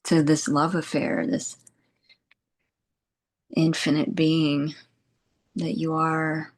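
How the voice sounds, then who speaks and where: Woman spiritual teacher, low voice, unhurried, meandering meditative talk with soft laughs. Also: level tone. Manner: soft, unhurried and meandering, with frequent "you know" and "like" and gentle laughs.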